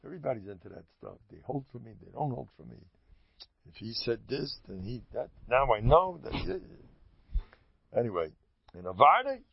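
Man, informal storytelling, animated and rambling, chuckles, muffled lo-fi sound. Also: medium pitch, normal speed, vocal fry, slight background noise. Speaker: Hasidic storyteller giving a talk. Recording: dull lo-fi dry recording.

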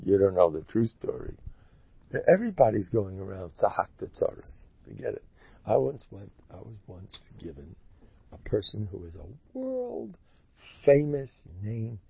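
A man giving a sermon, telling stories in a rambling, animated way. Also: on the low side, unhurried, gravelly, breathy edge. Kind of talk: sermon with storytelling. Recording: dull lo-fi dry recording.

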